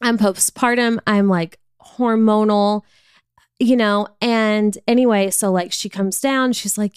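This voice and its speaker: A woman's voice: mid-range voice, steady tone, slow, clear, resonant tone, dry recording, studio quality. A woman hosting a podcast, telling a personal story in a frank, confessional, conversational way. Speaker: podcast host.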